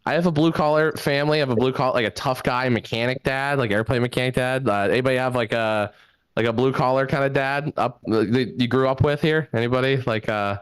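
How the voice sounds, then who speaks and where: Young male comic working a video-call crowd, loose and rambling with lots of likes, smooth resonant voice, dead-dry home mic. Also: medium pitch, fast talker, dry recording. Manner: loose rambling delivery, lots of likes and uhs, laughs at own jokes. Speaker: stand-up comedian. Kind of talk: stand-up set on a video call show. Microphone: home microphone.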